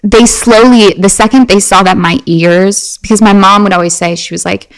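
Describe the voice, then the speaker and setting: A woman's voice: medium pitch, normal speed, rough recording. Chatty woman telling stories. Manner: chatty, frequent "like" fillers and restarts; animated storyteller. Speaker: podcast guest. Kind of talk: casual chat.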